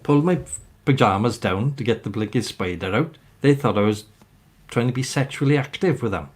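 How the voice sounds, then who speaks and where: A man's voice: medium pitch, brisk, a little mellow. A man hosting a livestream, telling a rambling story to his chat and tagging "right?" onto his sentences. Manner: rambling anecdote, keeps adding "right?". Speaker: livestream host. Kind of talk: ranting storytelling to live chat.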